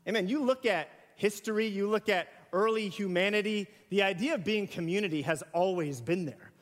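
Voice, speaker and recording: A man with a notably high voice delivers a sermon in a relaxed, conversational way. He asks the congregation questions and acts out everyday examples. The sound carries a long hall reverb. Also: brisk. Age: young adult to middle-aged. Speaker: pastor. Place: church sanctuary.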